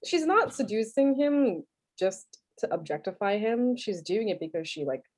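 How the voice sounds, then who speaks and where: A woman with a New York accent, co-hosting a casual podcast chat about a film, animated and laughing, with frequent swearing. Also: medium pitch, moderate pace. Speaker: podcast co-host.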